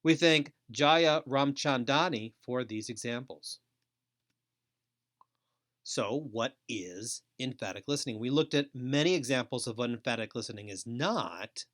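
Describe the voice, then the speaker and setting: Male educator, mid-pitched, measured lecture delivery with repeated phrasing. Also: animated, a bit bright. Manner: deliberate, repetitive phrasing. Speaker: foster care educator. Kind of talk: recorded lecture.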